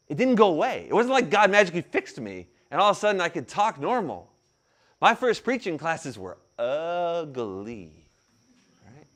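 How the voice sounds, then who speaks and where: A man in his thirties delivers a sermon in a high, very lively voice that rises and falls with each turn of his story. He has a mild stutter and takes deep breaths to keep it in check. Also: moderate pace. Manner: animated storytelling, acts out quotes. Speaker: pastor. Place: room with an audience.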